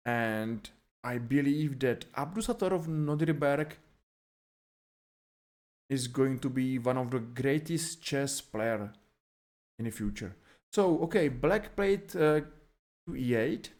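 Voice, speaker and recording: A man analyzing a chess game move by move, calling out each move with frequent fillers and simple, non-native phrasing. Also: medium pitch. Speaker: chess commentator.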